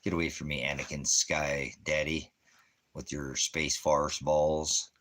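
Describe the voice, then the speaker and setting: A man's voice: extremely low pitch, level tone, unhurried, a bit bright. A man hosting a ministry show, delivering a ranting religious commentary in a mocking, sarcastic way, chuckling between jabs. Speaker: ministry host.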